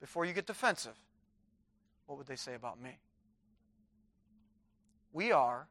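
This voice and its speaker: A man's voice: medium pitch, lively intonation, measured pace, long pauses, a bit bright. A man preaching a sermon in a chapel, reading scripture aloud with fervor.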